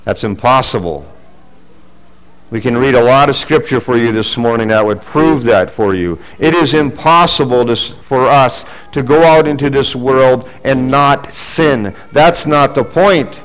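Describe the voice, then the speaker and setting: A middle-aged man preaching a sermon as pastor, earnest, rising for emphasis and dropping low and quiet for asides. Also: measured pace, low-quality recording.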